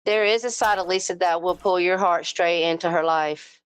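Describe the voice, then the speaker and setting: A woman's voice: lowish voice, steady tone, moderate pace, smooth, no echo. A woman with a Southern US accent, co-hosting a livestream at home on a headset mic, talking bluntly and with lots of swearing. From American South. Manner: blunt, profane, fired-up. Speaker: livestream co-host. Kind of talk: heated casual livestream rant. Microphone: headphones with mic.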